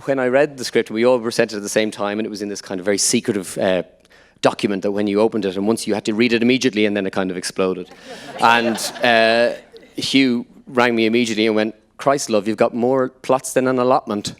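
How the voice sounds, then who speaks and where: An Irish man speaks at a live on-stage Q&A, his voice sitting fairly low. He tells stories with energy and slips into quoted lines as he goes. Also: quick pace. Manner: lively anecdotal storyteller, quotes others in voices. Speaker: actor guest on a panel. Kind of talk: on-stage Q&A storytelling. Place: live event venue before an audience.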